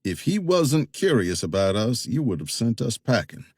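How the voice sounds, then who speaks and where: A man's voice: medium pitch, sing-song, moderate pace, a little mellow, no echo. A man voicing a guarded, dry-witted Tennessee man. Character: wary young male investigator from Tennessee.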